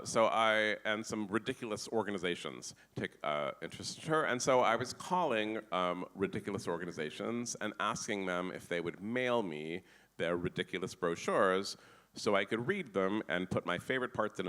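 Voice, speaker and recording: A man telling a comic story on a festival stage in a dry, deadpan way, with stammering restarts. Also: low voice. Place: festival tent with live audience.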